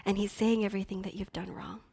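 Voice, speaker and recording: A woman's voice: mid-range voice, fairly even intonation, fast, vocal fry, mellow, husky. A woman preaching a sermon, telling a personal story earnestly and building to impassioned declarations. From Philippines heritage. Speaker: pastor.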